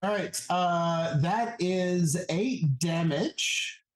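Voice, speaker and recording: Player: man describing his character's actions, unhurried and halting. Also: sits high. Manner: slow, halting, many fillers. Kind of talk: narrating a tabletop game turn.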